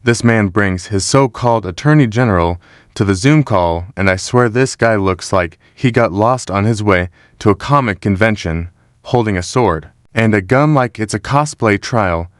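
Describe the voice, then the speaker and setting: Mocking male narrator, low dry voice. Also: moderate pace, no room sound. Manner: mocking, dramatic recap. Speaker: commentator. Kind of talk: scripted narration.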